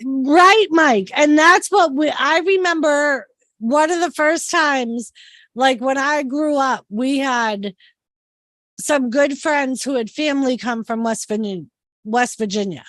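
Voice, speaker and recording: A woman from Massachusetts, with a Massachusetts accent, chats casually and tells stories, saying "like" constantly. Her voice sits high with a fairly bright tone, she takes it slowly, and there's no echo.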